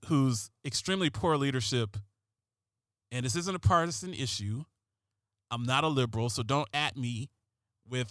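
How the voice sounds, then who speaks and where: A man's voice: on the high side, a bit bright, no echo. A man doing a sarcastic, rambling comedic monologue as host, often restarting his sentences.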